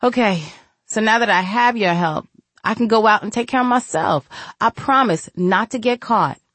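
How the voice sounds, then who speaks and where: A woman's voice: medium pitch, moderate pace, fairly bright tone, dry recording, voice pushed up, lightly acted. A woman voicing a reckless, defiant young woman with a raised, pleading voice in an audiobook.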